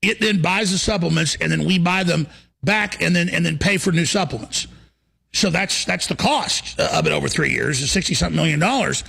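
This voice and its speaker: A man hosting a talk radio show, ranting in a heated, forceful monologue. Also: fairly high pitch, fairly quick, creaky, husky.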